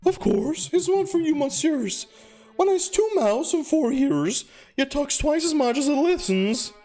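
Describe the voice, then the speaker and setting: A man's voice: very high-pitched, expressive, measured pace, warm tone, faint music behind, voice pushed up. A man voicing a haughty, condescending male bird librarian who talks down in a mock-French manner. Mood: scornful. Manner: pompous, scornful, mock-French.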